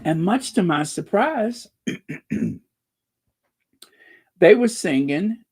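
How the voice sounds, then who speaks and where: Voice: mid-range voice, big pitch swings, measured pace, long pauses, a little mellow. A channel host giving casual commentary and reading out viewer comments, drawling and sarcastic with playful wordplay asides.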